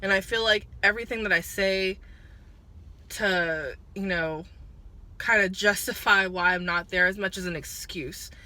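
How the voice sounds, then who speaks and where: A woman in her twenties rambling through a personal vlog on a break at work, halting and stumbling as she holds back tears. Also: medium pitch, fairly even intonation, pushed and bright. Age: 20s. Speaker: vlogger.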